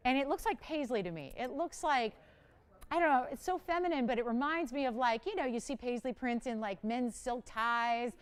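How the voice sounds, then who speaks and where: A live jewelry sales pitch comes from a woman hosting a shopping channel in a TV studio, enthusiastic and chatty as she talks with callers and crew. She speaks at normal speed in a fairly high, clear, resonant voice.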